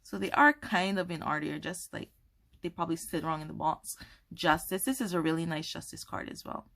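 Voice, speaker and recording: A woman unboxing a tarot deck on camera, gushing and excitable, apologizing and laughing often. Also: fairly low pitch, brisk, creaky. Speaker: tarot content creator. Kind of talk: casual unboxing chat to camera. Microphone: camera mic, holding cards up to camera.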